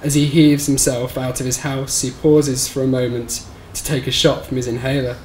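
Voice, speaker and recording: A man reads his short story aloud in a bookshop event room, with a measured, somber delivery. His voice sits at a middling pitch and moves in a flat, narrow line. The room answers with a roomy echo and a faint hum of background noise. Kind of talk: live reading of literary fiction. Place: bookshop event space, live audience.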